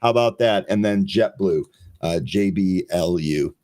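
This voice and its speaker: A deep-voiced man hosts a live pre-market trading show, reading headlines aloud and checking stock charts while he chats and laughs. He sounds a little mellow and never hurries.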